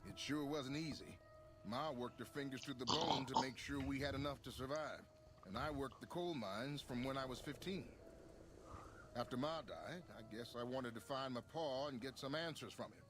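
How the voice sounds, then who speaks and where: An actor playing a weary young wandering guitarist in a video game, speaking with a Texan accent and an easygoing drawl. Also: male voice, mid-range voice, normal speed, background noise, close to an everyday voice. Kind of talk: video game character dialogue.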